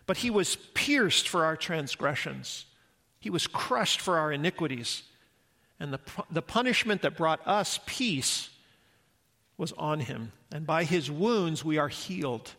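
A man's voice: fairly high pitch, lively intonation, measured pace, pushed and bright. A man preaching a sermon as a pastor, earnest and reflective, posing rhetorical questions to the congregation.

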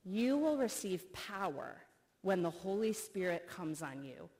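Expressive woman preaching in a hall. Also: fairly low pitch, unhurried, slightly rough. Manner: storytelling, expressive, earnest. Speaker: speaker, professor. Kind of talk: sermon. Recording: long reverb of a hall.

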